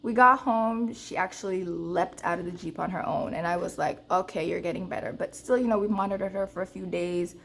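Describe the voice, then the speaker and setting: A woman's voice: brisk, creaky, few pauses. Chatty woman vlogger telling a storytime. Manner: animated storytelling, addresses viewers directly; counts cash in a low murmur. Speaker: budgeting vlogger. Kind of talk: casual chat and storytime.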